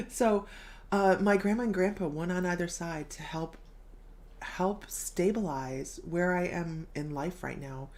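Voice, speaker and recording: A woman's voice: lowish voice, darkish tone. A middle-aged woman hosting a casual live stream as a psychic medium, bubbly, laughing often and reading viewer comments aloud.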